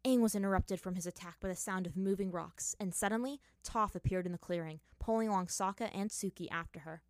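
A woman narrating a fan fiction story in a measured, dramatic reading. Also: mid-range voice, no echo, studio quality.

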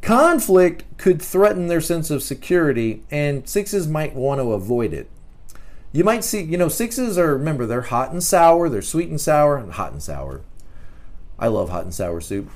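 A middle-aged man hosting a podcast, giving a casual talk as a teacher, animated and often repeating words. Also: a little high, normal speed. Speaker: podcast host.

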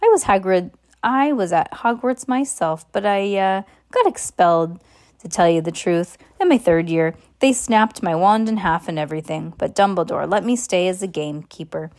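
A woman reading a storybook aloud, voicing a big bearded male gamekeeper in a rough, plain way with casual dropped words. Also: on the low side, normal speed, a little mellow, lightly acted. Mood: rueful. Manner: rough dropped-word speech, stumbling over lines while reading.

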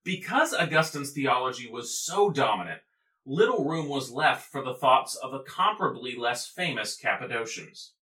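A man delivers a playful, theatrical history lecture with lots of movement in his pitch. His tone is bright and forceful. The recording is roomy and a little off mic, with faint music underneath. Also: lively intonation, normal speed. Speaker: podcast host explaining church history. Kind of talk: humorous scripted lecture.

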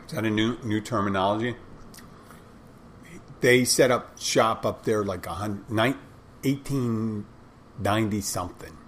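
A man with a fairly low voice talks through a solo podcast episode. He drifts from point to point and corrects himself mid-sentence. A faint hum of noise sits under the recording. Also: a little slow, long pauses. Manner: rambling, conversational, self-correcting. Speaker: podcast host. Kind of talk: casual solo podcast monologue.

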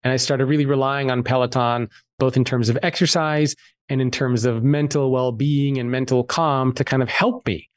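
Guy on a podcast telling his story, candid and animated, cusses a bit, average pitch, dry close mic. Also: moderate pace, no echo. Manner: candid, animated, swears freely. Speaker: author and podcast guest. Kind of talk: casual storytelling interview.

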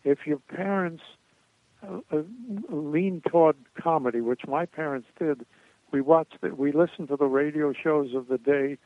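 An older man spins rambling, chuckling stories as an interview guest. His voice sits a little high for a man and comes through a thin, phone-like line. The sound is dry and close, with no room around it. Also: a little slow, no echo. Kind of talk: anecdotal storytelling interview.

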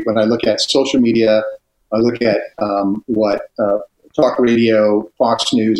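Older male guest, middle-pitched, emphatic and intense, recorded with a roomy echo. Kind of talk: casual chat.

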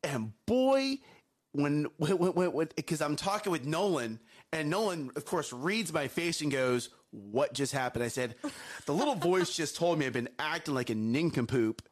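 A man co-hosting a morning talk show, chatting casually in an animated way, often repeating himself and laughing. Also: a little high, normal speed. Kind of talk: casual chat.

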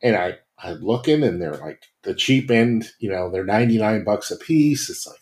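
A man's voice: sits low, quick pace, hardly any pauses. A man co-hosting a podcast, chatting casually and rambling about a new hobby with lots of fillers. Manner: rambling, relaxed, many fillers. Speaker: podcast co-host. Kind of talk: casual chat.

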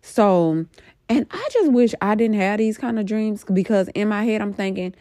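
A woman's voice: medium pitch, expressive, normal speed, warm tone, no room sound, clean studio sound. A middle-aged woman casually recounting a dream in a rambling, emphatic way, full of fillers. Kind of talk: casual storytelling about a dream.

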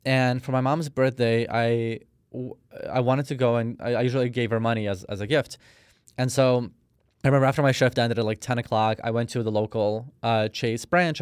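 As a guest on a podcast, a man from Russia in his thirties recounts a personal story casually and ramblingly, filling it with ums and similar fillers. His medium-pitched voice has a clean tone. The studio-quality recording has no room sound.

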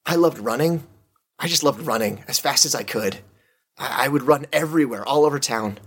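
A man's voice: medium pitch, normal speed, fairly bright tone, breathy edge. Eager earnest young man who loves running, played by a man in a tabletop game. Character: eager young male runner, simple and earnest.

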